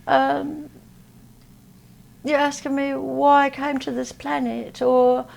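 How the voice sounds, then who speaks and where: A woman from Texas, a guest in an interview, talking in a halting way with many fillers. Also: high-pitched, level tone, gravelly, a little mellow. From Texas, USA. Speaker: interview guest, spiritual healer. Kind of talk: casual interview talk. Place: at a convention.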